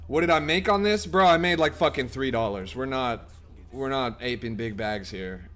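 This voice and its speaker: Excitable streamer man, wildly swinging pitch. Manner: excitable, bursts into loud shouts; profane, blunt banter with chat. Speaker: live streamer. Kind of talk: live trading stream commentary.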